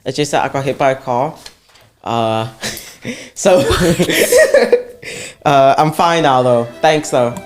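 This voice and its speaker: A man's voice: mid-range voice, wildly swooping pitch, takes it slowly, faint music behind. A young man co-hosting a podcast in casual chat, laid-back and slangy, opening lines with "yo" and "like". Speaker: podcast co-host.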